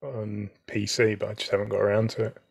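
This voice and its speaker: A man co-hosting a podcast, chatting in a relaxed, matter-of-fact way. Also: fairly low pitch, fairly quick, vocal fry, husky. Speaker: podcast co-host. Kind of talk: casual chat.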